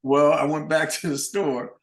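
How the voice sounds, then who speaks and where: Older man telling animated stories. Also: a little high, unhurried, echoey room. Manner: animated, plain-spoken anecdotes. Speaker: guest musician. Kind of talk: casual storytelling.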